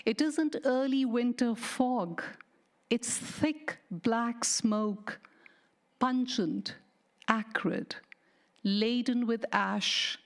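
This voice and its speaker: A woman poet giving a slow, deliberate, mournful dramatic poetry reading, sometimes dropping to a hushed whisper. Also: a little high. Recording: studio radio reading.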